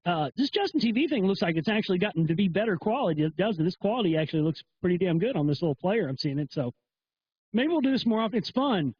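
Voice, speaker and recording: Sweary rambling guy ranting on a livestream, husky higher voice, dull lo-fi sound. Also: sing-song, quick pace. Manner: crude, rambling, swears a lot. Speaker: host. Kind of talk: profane livestream rant. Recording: dull lo-fi stream audio.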